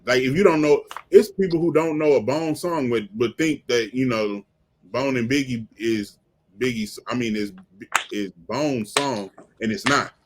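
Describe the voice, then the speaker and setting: Animated man breaking down rap verses. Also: medium pitch, a little slow, a little hiss or hum. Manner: animated, repeats words when excited, acts out lyrics. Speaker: podcast host. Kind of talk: casual chat, music commentary.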